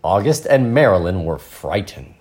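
A man reading a picture book aloud and explaining words in a relaxed, playful way. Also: deep voice, moderate pace. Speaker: storyteller and English teacher.

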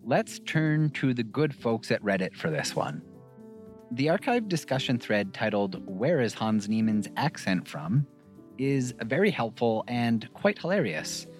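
A man co-hosting a podcast, reading scripted narration in a dry, measured way. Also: mid-range voice, big pitch swings, faint music behind. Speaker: podcast co-host.

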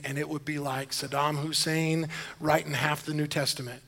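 High-voiced joking male pastor preaching. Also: steady tone, brisk. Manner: joking asides, rising to loud emphatic preaching. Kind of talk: sermon.

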